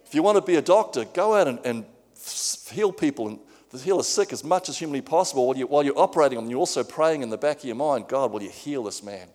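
A man's voice: on the high side, expressive, fast, darkish tone. A male preacher giving a sermon in an earnest way, often repeating words as he goes. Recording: long hall reverb.

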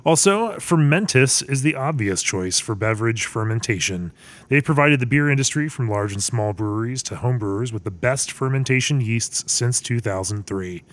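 A man's voice: mid-range voice, normal speed. Man hosting a brewing interview. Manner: brief acknowledgments, steady read-through of ads. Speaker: podcast host.

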